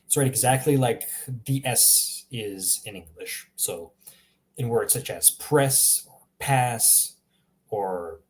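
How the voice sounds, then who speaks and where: A man giving a casual live language lesson, chatty and relaxed, reacting to viewers' examples and laughing now and then. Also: medium pitch. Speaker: language teacher.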